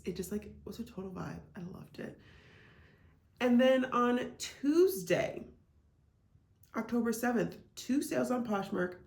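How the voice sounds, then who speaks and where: A woman's voice: mid-range voice, gravelly, a little mellow. A woman from Iowa, chatting casually as a reselling vlogger, full of "like" and "um" fillers. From Iowa, United States. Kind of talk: casual vlog chat. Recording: echoey room.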